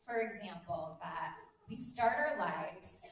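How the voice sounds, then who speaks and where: Energetic woman speaking in an echoey hall. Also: fairly low pitch, slow pace, far from the mic, a little hiss or hum. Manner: energetic, emphatic, swears and laughs with the crowd. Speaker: motivational speaker at a business event. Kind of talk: live motivational talk. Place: large hall.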